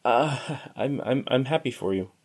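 A man's voice: medium pitch, animated, a little slow, breathy edge. A man doing a stammering nervous young man. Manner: stammering, hesitant.

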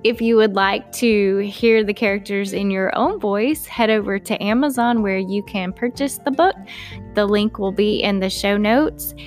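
A woman reads her own story, friendly and unpolished, not a trained narrator. Her voice sits in a middle range, and soft music plays faintly behind her. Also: medium pitch, a little slow. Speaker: author and narrator.

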